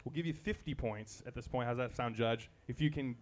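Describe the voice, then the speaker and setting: A man's voice: mid-range voice, a little fast. A man hosting a live comedy quiz show, playful and a little rambling as he loses track. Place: live event venue.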